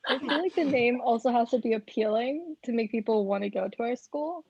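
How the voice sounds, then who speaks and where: Woman w a husky gravelly voice, short unsure comments, dull dry lo-fi mic. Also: on the high side, a little fast, a little mellow, dry recording. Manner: brief, tentative remarks. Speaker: podcast co-host. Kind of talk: casual group chat.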